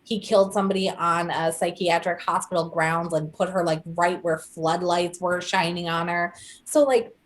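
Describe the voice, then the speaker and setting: A young woman co-hosting a casual chat, telling a story with animated quoted voices. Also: on the low side, normal speed, hardly any pauses. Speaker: podcast co-host.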